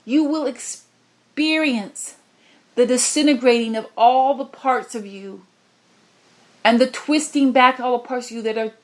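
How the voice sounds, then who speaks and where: Woman channeler with a fairly high voice, impassioned and pleading, giving a spiritual message. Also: unhurried. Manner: impassioned, pleading, swinging from low murmurs to high cries.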